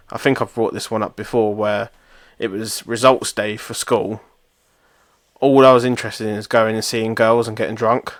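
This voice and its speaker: A man's voice: on the low side, fairly bright tone, dry recording, clean studio sound. A young man co-hosting a podcast, telling rambling, self-mocking stories with lots of swearing. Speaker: podcast co-host. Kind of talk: casual chat.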